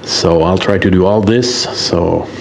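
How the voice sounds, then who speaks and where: A man in his fifties from Quebec with a French-Canadian accent, a native French speaker, recording a halting, apologetic voice message for a radio show. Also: low voice, vocal fry, slight background noise. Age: 50s. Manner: halting, hesitant, many fillers, apologetic.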